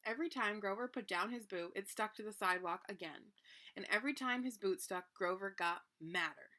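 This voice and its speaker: A woman reading a children's picture book aloud with expressive narration. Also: medium pitch, fairly quick. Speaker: reader. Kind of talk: children's storybook read-aloud.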